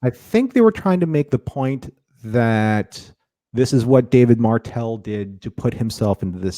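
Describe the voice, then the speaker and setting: Here a man with a mellow, medium-pitched voice co-hosts a laid-back review podcast, wandering through his points, repeating words and starting sentences over again and again. It's a clean studio recording without any room sound.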